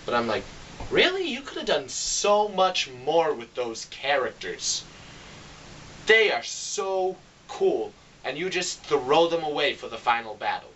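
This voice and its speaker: Man, casual movie-review rant, bright edgy voice, sarcastic and fed up; faint hiss, a bit off-mic. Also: expressive, normal speed, few pauses, distant mic, low-quality recording. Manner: exasperated, sarcastic, acts out quotes with big pitch jumps. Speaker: film reviewer.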